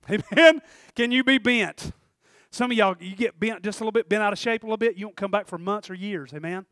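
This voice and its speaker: Man, preacher, high voice, dry sound, shouts at the peaks. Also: rapid-fire, hardly any pauses, dry recording. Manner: shouts and climbs in pitch at peaks, calls for amens. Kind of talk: sermon.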